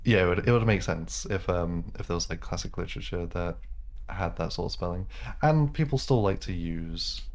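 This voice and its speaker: A man's voice: deep voice, normal speed. A man chatting casually as he streams a game, rambling with lots of ums and likes. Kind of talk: casual gameplay commentary.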